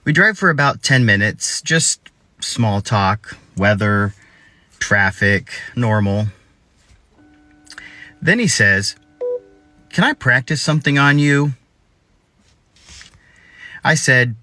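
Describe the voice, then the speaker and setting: A man telling a rideshare story in short, clipped, deadpan phrases. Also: mid-range voice, dry recording. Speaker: rideshare driver. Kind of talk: storytime narration.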